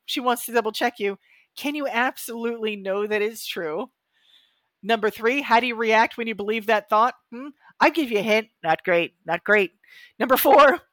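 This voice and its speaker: A woman in her fifties, co-hosting a podcast in a casual, animated way and acting out her own thoughts. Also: a little high, no room sound, clean studio sound. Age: 50s. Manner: animated, acts out quoted thoughts. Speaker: podcast co-host.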